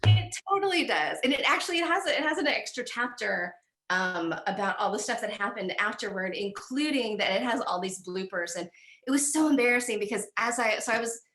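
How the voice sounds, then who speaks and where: Bright-voiced woman on an echoey video call. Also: a little high, lively intonation, a little fast, faint music behind. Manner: rambling, self-deprecating, restarts sentences. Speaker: author discussing her book. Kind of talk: casual conversation on a video call.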